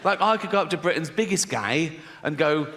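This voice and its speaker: English comedian on a stage mic. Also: male voice, fairly high pitch, a little fast. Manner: conversational, deadpan delivery, laughing at his own jokes. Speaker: stand-up comedian. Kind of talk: stand-up comedy performance. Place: large theatre stage. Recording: stage mic in a big hall with audience noise.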